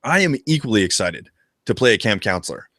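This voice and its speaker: A man co-hosting a casual live discussion about a video game, talking in an excitable, profane and animated way. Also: lowish voice, quick pace, dry recording, clean studio sound. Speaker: co-host of a retro gaming show.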